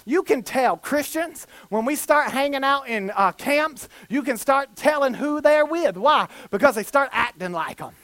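A man preaching a sermon with fervent bursts into shouting and frequent rhetorical questions. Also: extremely high pitch, no echo.

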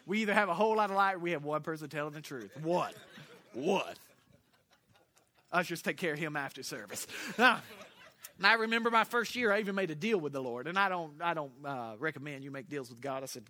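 A man's voice: on the high side, lively intonation, a little fast, bright, forceful tone. A man pastor from Florida with a Southern accent, preaching a sermon through humorous, folksy storytelling.

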